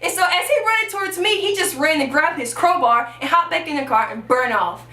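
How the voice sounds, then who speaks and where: A young woman from Texas telling a storytime on her vlog, animated and acting out the voices she quotes. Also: high-pitched, a little fast, recorded from a distance. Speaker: YouTuber. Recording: echoey room, mic a little off.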